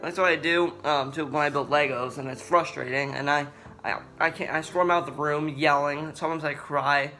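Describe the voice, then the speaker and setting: A young man speaks to his viewers in an earnest, halting way, often stopping and starting over. His voice is bright and a little high. Faint guitar music plays underneath. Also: steady tone. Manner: earnest, halting, with many restarts. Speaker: vlogger. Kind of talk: personal talk to camera.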